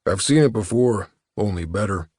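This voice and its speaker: A weary middle-aged detective in an audiobook, voiced by the male narrator, low and terse with a gruff, impatient clip. He is spoken close and dry. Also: expressive, moderate pace, darkish tone, no echo.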